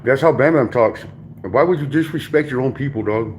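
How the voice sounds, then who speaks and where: A man's voice: mid-range voice, brisk, background noise. A man in a heated livestream rant from home, confrontational, repeatedly calling the listener dog and my boy.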